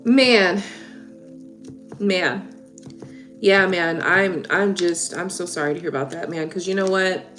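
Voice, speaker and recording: A woman reading tarot on a livestream, chatting casually and warmly with viewers, laughing and getting emotional. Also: fairly low pitch, slow pace, pauses often. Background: soft background music.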